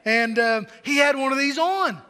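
A man delivers a sermon to a large congregation, his voice high and bright. He tells jokes and stories and doubles back on his words. The sound carries a long reverb from a big church hall. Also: expressive, normal speed. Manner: storytelling and joking with the congregation, many repeated words. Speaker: pastor.

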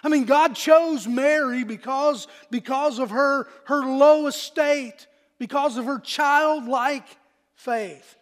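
A male pastor delivers an earnest, folksy sermon, often doubling back on his words. His voice sits very high for a man, and a long reverb trails each phrase through the sanctuary. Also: slow.

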